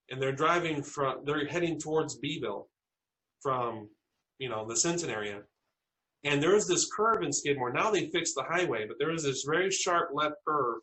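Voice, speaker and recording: A man from South Texas, a podcast interview guest, earnestly telling personal stories with halting restarts. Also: mid-range voice, sharp tone, rough recording.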